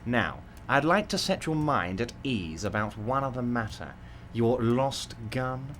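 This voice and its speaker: A man voicing a large, jovial, scheming male union boss in a game playthrough, smooth and falsely reassuring. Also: medium pitch, animated, a little slow, fairly bright tone, slight background noise. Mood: smug.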